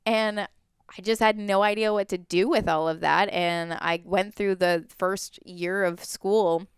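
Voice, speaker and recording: A woman's voice: medium pitch, clear, resonant tone, no room sound, clean studio sound. A woman in her twenties, a podcast guest, candidly telling a personal story in conversation. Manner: candid, animated, often acts out quoted voices.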